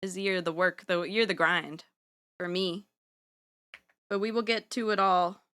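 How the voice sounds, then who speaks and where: Bright-voiced chatty young woman streamer. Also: lowish voice, fairly even intonation, measured pace, smooth. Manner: chatty, rambling, playful slang. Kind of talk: casual livestream chat while drawing.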